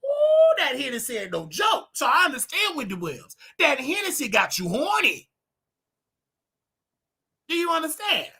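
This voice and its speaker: A man hosting his own show, ranting and preaching to his audience in a casual, animated way with loud outbursts. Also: very high-pitched, moderate pace, gravelly, long pauses. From United States. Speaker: show host. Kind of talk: casual livestream rant.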